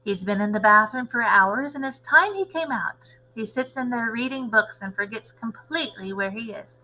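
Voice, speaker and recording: A loving old grandmother who speaks softly and gently, a little lower than the reader's own voice, as a woman reading a storybook puts her on. The tone stays bright and clear. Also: expressive, moderate pace, low-quality recording. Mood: tender. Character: loving, worried older grandmother.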